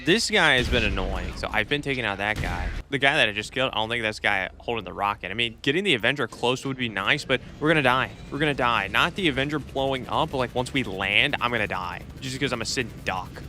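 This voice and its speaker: A young man with a bright, forward voice gives rambling gameplay commentary. He often stammers and repeats himself. Faint game sounds sit under his voice. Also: mid-range voice, animated, fast talker, few pauses, a little hiss or hum. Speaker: gaming YouTuber.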